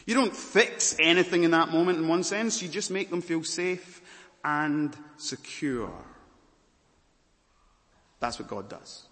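A man preaching a sermon, earnest and expressive, swinging from raised emphasis to quiet softness. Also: a little high, slow, long pauses. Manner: earnest preaching, rising loud then dropping to soft. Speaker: pastor. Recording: long hall reverb.

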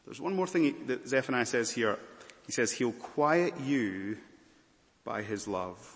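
A man preaching a sermon, earnest and expressive, swinging from raised emphasis to quiet softness. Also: mid-range voice, unhurried. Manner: earnest preaching, rising loud then dropping to soft. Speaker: pastor. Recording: long hall reverb.

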